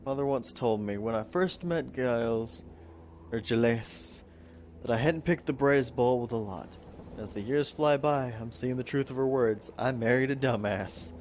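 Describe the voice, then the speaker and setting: A man's voice: medium pitch, moderate pace, a little mellow, a little hiss or hum, lightly acted. A man voicing a wife reading her journal aloud in a put-on Southern US drawl, drawn out and mock-serious. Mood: mock-solemn.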